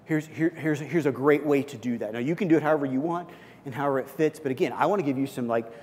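Animated man preaching in a reverberant hall. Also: medium pitch, quick pace. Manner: animated, acts out little dialogues, repeats words. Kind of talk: sermon.

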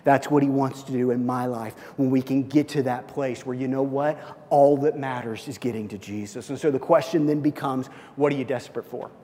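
A man preaching a sermon as pastor, swinging from loud high bursts to low hushed lines. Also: fairly even intonation, fairly quick, hardly any pauses. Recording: long reverb of a church hall.

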